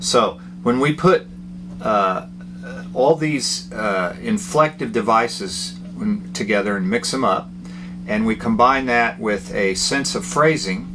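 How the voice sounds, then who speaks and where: Slow, low-voiced man teaching guitar. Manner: unhurried, plainspoken, with fillers. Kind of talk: guitar lesson, explaining and demonstrating. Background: guitar playing between phrases.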